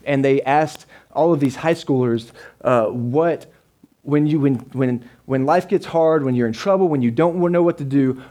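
A man with a medium-pitched, warm voice preaches a sermon at a church service before a live congregation. His style is conversational; he repeats words and keeps checking in with the congregation.

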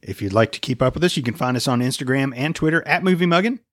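A man's voice: medium pitch, lively intonation, fast talker, no room sound, studio quality. A man co-hosting a casual movie podcast, joking around, swearing and riffing. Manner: jokey, swears, ad-libs songs. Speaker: podcast co-host. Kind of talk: casual chat.

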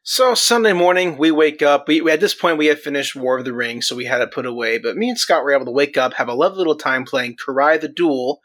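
A man's voice: fairly high pitch, fast talker, hardly any pauses, a bit bright. Chatty self-deprecating man on a podcast. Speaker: podcast co-host. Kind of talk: casual chat.

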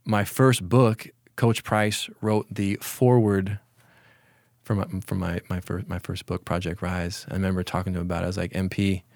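A man in his forties, a former college football player, telling stories in a relaxed, reflective way during an interview, with many restarts. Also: sits low, normal speed, vocal fry, dry recording, clean studio sound. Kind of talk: casual storytelling in an interview.

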